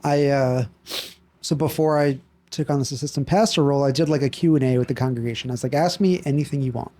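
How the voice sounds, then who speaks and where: A man who is an assistant pastor, recounting a congregation Q and A in a relaxed, conversational way. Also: mid-range voice, fast. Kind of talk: casual faith chat.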